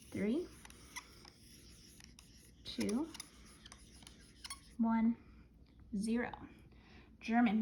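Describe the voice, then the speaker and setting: A woman with a slightly raised pitch walks students through a spelling list in a clear, patient teaching voice. She counts down before going over each word, and a faint hiss runs under the recording. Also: poor audio. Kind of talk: spelling lesson.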